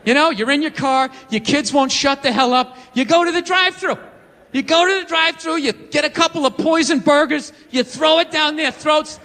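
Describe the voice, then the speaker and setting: A man's voice: very high-pitched, steady tone, moderate pace, pushed and bright. A man in his forties doing a profane, exasperated stand-up rant on a comedy stage with a handheld mic. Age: 40s. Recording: live hall reverb, faint noise.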